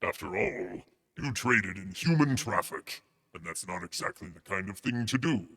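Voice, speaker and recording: A solemn male narrator of doom, as a streamer puts on a voice far below his own, pronouncing judgment in a gravelly, husky tone. His words trail off into a long, hall-like reverb. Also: expressive, normal speed, fairly bright tone, heavily acted. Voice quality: deep and gravelly.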